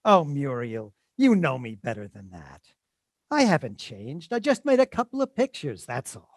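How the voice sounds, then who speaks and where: A charming male Hollywood producer, played by a woman, coaxing an old flame to stay. The voice is low yet lively and eager, sounding dry and close. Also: moderate pace, no room sound, heavily acted. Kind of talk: stage play read aloud.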